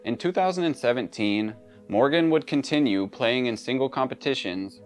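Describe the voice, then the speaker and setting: A man's voice: mid-range voice, lively intonation, normal speed, soft background music. A man narrating a true crime story in a conversational way, with casual asides.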